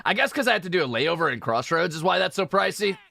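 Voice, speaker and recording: A man's voice: high-pitched, big pitch swings, fast talker, gravelly, pushed and bright. A man from Europe streaming a game, chatting casually in a jokey, self-correcting way.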